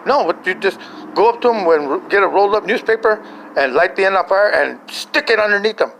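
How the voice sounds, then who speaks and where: A man voicing his older mother as a blunt, stubborn woman who answers in flat, matter-of-fact retorts. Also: high-pitched, fairly quick, slight background noise, voice pushed up, rough recording.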